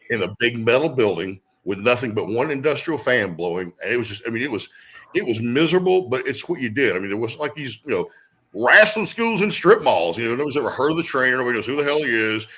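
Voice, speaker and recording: Middle-aged guy telling wrestling stories, husky and bright, swears a lot. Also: lowish voice, poor audio. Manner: animated storyteller who acts out quotes, swears freely. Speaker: guest wrestler. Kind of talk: storytelling interview.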